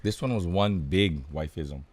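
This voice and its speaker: A man from Hawaii, co-hosting a podcast and telling stories in an animated, laughing way, full of slang like dude and bro. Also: deep voice, measured pace, a loud crowd. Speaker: podcast co-host. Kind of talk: casual storytelling chat.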